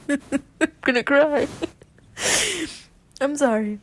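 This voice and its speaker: A woman reads a fanfiction story aloud in a high, unhurried voice. She stumbles over words now and then and slips into giggly commentary. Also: fairly even intonation. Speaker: fanfiction reader.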